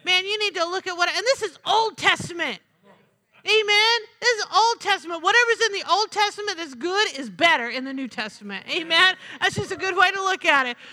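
A woman preaching with a very high, piercing voice that rings out through a long hall reverb. She is emphatic, repeats her lines for effect and keeps asking the congregation for an "Amen?". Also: lively intonation, fairly quick, sharp tone. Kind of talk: sermon.

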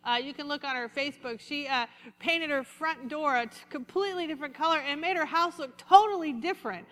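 A woman pastor giving a lively, conversational sermon and calling out to her congregation. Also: high-pitched, a little fast, in a large hall. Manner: lively, conversational preaching with congregation call-outs.

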